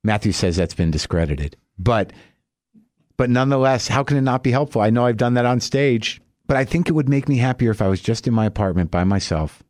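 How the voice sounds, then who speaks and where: A man's voice: medium pitch, brisk, dry recording, studio quality. Ranting comic podcast host, man. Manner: ranting, animated storyteller; profane. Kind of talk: comic monologue.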